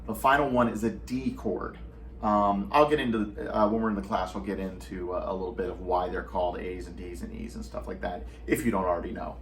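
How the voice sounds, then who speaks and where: A man's voice: low voice, fairly even intonation, brisk, a little hiss or hum. A man teaching a guitar lesson, patiently walking through chord shapes step by step and counting beats aloud. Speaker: guitar instructor. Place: at home. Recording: distant mic with guitar playing.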